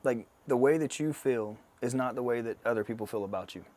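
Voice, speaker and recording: A man's voice: mid-range voice, fairly quick, darkish tone. A man in his thirties, a podcast guest telling a personal story in a blunt, profane, casual way, laughing along. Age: 30s.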